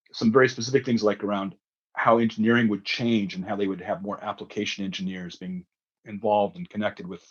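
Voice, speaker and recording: A man's voice: on the low side, slightly rough, highs cut off. A man answering as a consultant guest, explaining a process methodically with frequent ums.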